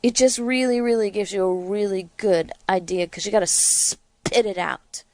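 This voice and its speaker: A woman's voice: mid-range voice, fairly even intonation, moderate pace, a little mellow. A woman hosting a political talk show, delivering sarcastic, indignant commentary.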